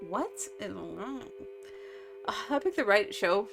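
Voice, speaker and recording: A woman's voice: mid-range voice, lively intonation, fairly quick, music in the background. A woman streaming a visual novel, reading the game text aloud and chatting about it with lots of giggles. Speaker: let's-play streamer.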